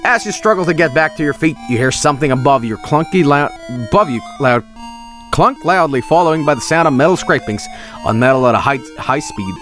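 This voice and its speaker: A man's voice: a little high, animated, fairly quick, fairly bright tone, soft background music. A man, streaming a text adventure game, reading it aloud with loose, joking, swearing commentary.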